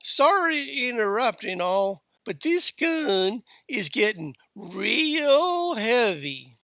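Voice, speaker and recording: A man's voice: very high voice, sing-song, slow, sharp tone, dry recording, clean studio sound, voice pushed up, heavily acted. A man voicing a young frontier kid clutching a heavy gun, apologetic and eager.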